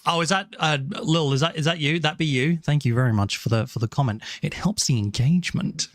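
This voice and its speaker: A man's voice: fairly high pitch, fairly quick, no room sound, studio quality. A man from England with an English accent, chatting casually with viewers on a live stream from a small room at home. He thanks people by name, apologizes often and restarts his sentences as he talks.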